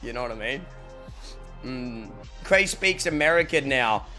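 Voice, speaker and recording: Australian male streamer, mid-pitched, loose and chatty, casual cursing, faint music behind. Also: animated, unhurried, bright, forceful tone. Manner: loose and chatty, swears, thanks viewers for subs. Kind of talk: casual live-stream chat.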